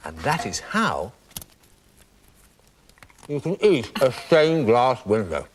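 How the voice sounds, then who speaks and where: A man's voice: mid-range voice, big pitch swings, slow, slight background noise. A man from England presenting a children's TV show, demonstrating a craft in a playful, theatrical way.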